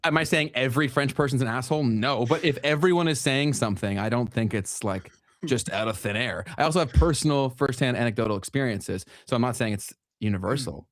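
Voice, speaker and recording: A man's voice: medium pitch, fairly quick, dry recording. A blunt, opinionated young man from Canada, co-hosting a casual podcast chat with frequent restarts. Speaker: podcast co-host.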